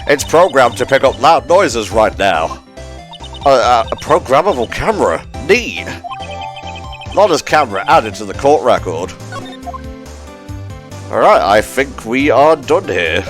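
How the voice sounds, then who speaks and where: A man's voice: mid-range voice, sing-song, unhurried, pauses often. An English man co-hosting a game playthrough, playful and wry in casual chat, with game music behind. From England.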